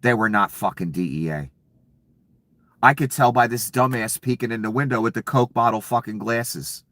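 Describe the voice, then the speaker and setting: A man's voice: mid-range voice, moderate pace, fairly bright tone, no room sound. A man delivering an angry, profane political rant, sarcastic and furious. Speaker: political commentator.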